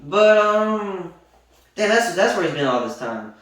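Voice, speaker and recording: A man's voice: a little high, very animated, brisk, fairly bright tone. A young man co-hosting a podcast in a loose, joking casual chat, drawing out his words for emphasis. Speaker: podcast co-host. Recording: roomy echo, distant from the mic.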